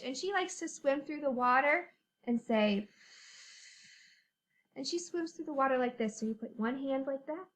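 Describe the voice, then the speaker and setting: A woman teacher leading a phonics lesson for young children, animated and sing-song, reading a storybook aloud. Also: sits high.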